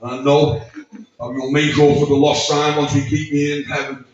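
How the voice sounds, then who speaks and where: A man reads out a tribute at a gathering, his voice slightly raised in pitch, halting often and swearing as he fights back tears. He sounds distant from the mic, with heavy echo from the room. The sound is muffled and dull. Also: little pitch movement. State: emotional, close to tears. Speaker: speaker at a memorial birthday gathering. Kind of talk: emotional tribute speech read aloud.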